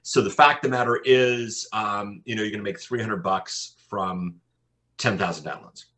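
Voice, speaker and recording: A man, a podcast consultant, telling animated anecdotes in an interview, often repeating his words as he goes. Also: on the low side, moderate pace. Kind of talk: interview storytelling.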